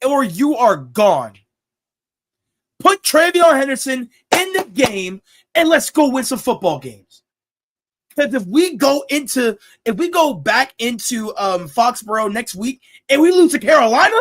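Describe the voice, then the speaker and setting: High-voiced young man ranting excitedly. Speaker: podcast host. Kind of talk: casual sports talk.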